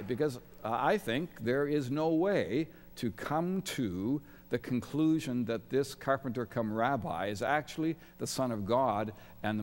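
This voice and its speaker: A middle-aged man giving a sermon as a guest chapel speaker, with wry, self-deprecating humor. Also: mid-range voice. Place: large college chapel. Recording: long reverb of a large chapel.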